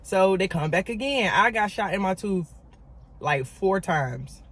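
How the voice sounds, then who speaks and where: In a casual vlog, a woman tells a story straight to her viewers, emphatic and animated, repeating words to drive her point home. Her pitch is medium and her pace measured.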